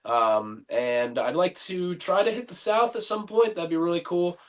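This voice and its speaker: A man with a fairly high voice talks as a guest on a podcast. He speaks in easygoing casual chat and fills his pauses with hesitant ums. He agrees readily with the others. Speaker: wrestler guest.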